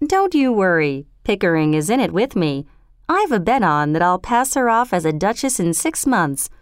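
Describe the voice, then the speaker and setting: A woman's voice: mid-range voice, big pitch swings, moderate pace, smooth, no room sound, clean studio sound, close to an everyday voice. A woman voicing a brusque, self-assured middle-aged male professor in a storybook reading. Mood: confident. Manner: confident, impatient.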